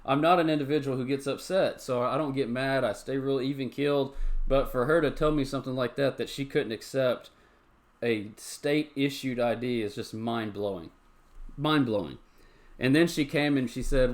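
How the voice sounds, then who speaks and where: A man's voice: mid-range voice, moderate pace. A man hosting a live-stream chat show, talking chattily and ranting, with lots of repeated phrases. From Tennessee. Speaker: show host.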